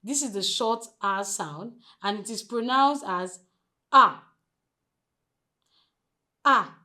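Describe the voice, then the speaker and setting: A woman with a Nigerian English accent teaching a phonics lesson, drilling sounds slowly and asking the class to repeat after her. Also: mid-range voice. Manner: slow, deliberate drilling, stretching model sounds loudly.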